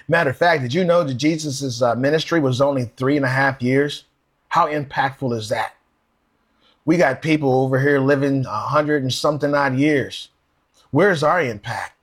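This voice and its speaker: A man preaching a sermon, earnestly reading scripture aloud and asking rhetorical questions. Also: mid-range voice.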